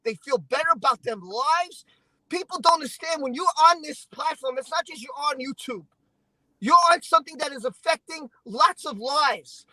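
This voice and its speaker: Man venting, emotional and heated, high pitched, bright voice, dry close sound. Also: no room sound, rough recording. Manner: heated, emotional, repeats himself. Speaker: stream guest. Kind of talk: casual chat.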